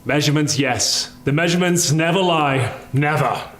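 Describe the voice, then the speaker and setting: A man's voice: on the high side, normal speed, a bit bright. A man speaking in a pompous, grandiose manner in a comedy skit.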